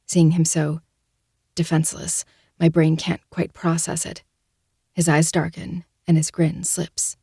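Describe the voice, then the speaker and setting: A woman reads a first-person romance audiobook in a low, husky, gravelly voice. She keeps a soft, intimate, breathy delivery that stays flat and even, in a dry, dead room. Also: measured pace, no room sound. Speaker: audiobook narrator.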